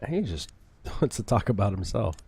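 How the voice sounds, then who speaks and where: A man's voice: fairly low pitch, very animated, moderate pace, gravelly, darkish tone, slightly rough, no echo. A man giving casual let's-play commentary, murmuring asides while solving puzzles. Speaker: game commentator.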